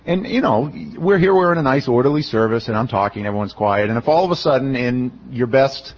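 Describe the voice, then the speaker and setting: In this expository sermon, a middle-aged pastor talks briskly in a mid-range voice, keeping things conversational. He animates his retellings by acting out quoted voices. High frequencies are cut off in the recording.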